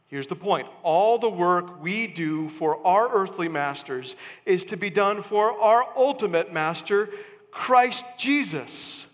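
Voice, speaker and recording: A high-pitched man preaches a sermon at a slow, deliberate pace, leaning hard on key words and then dropping to a hush. His voice rings with the long reverb of a big church hall. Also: animated. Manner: slow, emphatic preaching with sudden rises and soft drops. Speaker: pastor.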